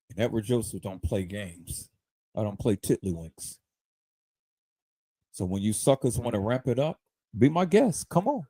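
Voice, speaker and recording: This livestream host has a warm, mid-range voice with a breathy edge and no echo. He rants on his stream in a heated, profane manner, stammering and repeating words as he talks.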